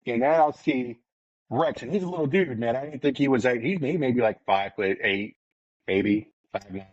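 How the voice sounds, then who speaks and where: Man, podcast co-host, excited storytelling, swears a lot, muffled dry recording. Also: medium pitch, moderate pace, dry recording. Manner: excited, swearing, retells his own quoted lines. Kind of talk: casual storytelling chat.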